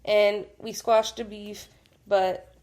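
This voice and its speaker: A woman's voice: mid-range voice, level tone, slow, a little mellow. A young woman, a podcast guest, chatting casually with lots of fillers and frequent laughs. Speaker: podcast guest, host's best friend. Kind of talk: casual chat.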